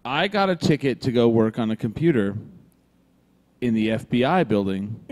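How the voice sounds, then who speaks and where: A man's voice: medium pitch, moderate pace. A man telling a long, profane story in casual chat, acting out the other people's lines. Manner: profane, animated, acts out dialogue. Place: brewery.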